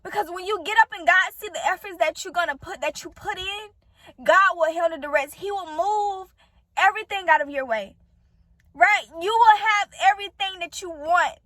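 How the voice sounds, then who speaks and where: A woman's voice: extremely high pitch, moderate pace, a bit bright, no echo. A woman giving an earnest, faith-based motivational talk to camera, addressing her viewers directly. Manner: earnest, preachy, speaks straight to viewers. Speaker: vlogger giving encouragement.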